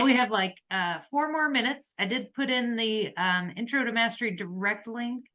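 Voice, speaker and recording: A woman's voice: mid-range voice, bright, forceful tone. A woman in her forties co-hosting a webinar over a video call, chatty and hesitant, with many ums and likes. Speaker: webinar co-host. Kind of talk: casual webinar talk.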